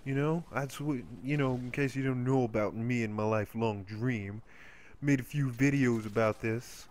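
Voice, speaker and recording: Male gameplay commentator, casual and crude, rambling storyteller, mid-pitched voice. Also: moderate pace, darkish tone.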